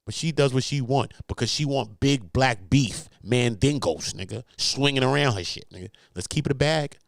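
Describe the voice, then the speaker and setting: A man's voice: mid-range voice, moderate pace, creaky, no echo, studio quality. A man hosting a commentary show, talking in brash, slang-filled, profane bursts. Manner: brash, swearing, laughing, slangy. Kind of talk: casual commentary.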